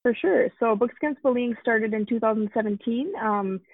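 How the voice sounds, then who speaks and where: Chatty mom guest, casual storyteller, heavy on fillers, muffled dry sound. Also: female voice, on the high side, moderate pace, dry recording. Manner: chatty, many fillers and restarts. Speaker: guest, mother of a young fan.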